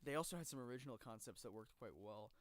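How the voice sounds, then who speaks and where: A man co-hosting a podcast in casual chat, retelling stories with lively energy and plenty of swearing. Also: mid-range voice, fast talker, no room sound. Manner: animated storyteller, swears freely. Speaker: podcast co-host.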